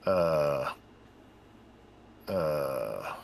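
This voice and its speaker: Man, very deep voice, gravelly, slow, swooping pitch, player at a tabletop game. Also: lively intonation. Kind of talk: casual tabletop play.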